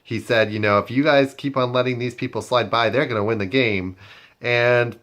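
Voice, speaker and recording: A man talks casually about his game decisions in a confessional. His pitch is average, and his speech is loose and full of fillers. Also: steady tone, moderate pace, fairly bright tone. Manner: casual, filler-heavy talk. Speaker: game player.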